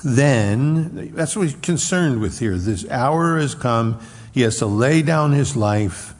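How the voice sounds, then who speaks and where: A man preaching an expository sermon, slowing down and stressing key words as he explains a Bible passage. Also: medium pitch, expressive, in a large hall. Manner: slow deliberate Bible exposition with emphatic stresses.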